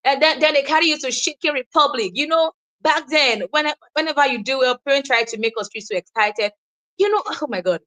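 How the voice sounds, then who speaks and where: A young woman with a Nigerian accent giving an informal teaching session, animated and quick to laugh, acting out the people she quotes. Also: high-pitched. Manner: animated, acts out quoted voices, laughs often. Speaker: wellness speaker.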